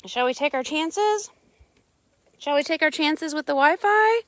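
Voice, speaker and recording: A woman's voice: sits high, lively intonation, a little slow, a bit bright, dry recording. A woman chatting casually on a live stream outdoors on her ranch, talking sweetly to her animals.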